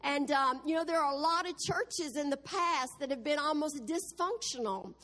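An exuberant woman preacher delivers a sermon, breaking into exclamations of praise between storytelling lines. Her voice sits high. A long hall reverb trails behind it. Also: moderate pace, sharp tone. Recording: echoey hall.

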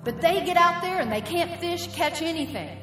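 A woman preacher with a high voice tells her story in lively bursts and acts out the people in it. Her sermon rings through a large, echoing hall with a long reverb tail, and soft music plays underneath. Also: moderate pace. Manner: animated storytelling that acts out the quoted characters. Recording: echoey hall with music behind.

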